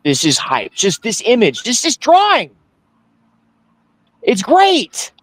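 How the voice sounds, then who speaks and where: A man's voice: very high voice, wildly swooping pitch, takes it slowly, fairly bright tone, dry recording. A man co-hosting a casual podcast, laid-back and stammering. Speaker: podcast co-host. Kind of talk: casual pop-culture chat.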